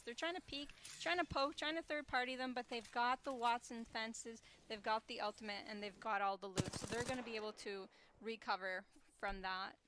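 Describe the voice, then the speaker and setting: A woman from Canada giving relaxed, self-deprecating color commentary as an esports analyst. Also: high-pitched, slight background noise.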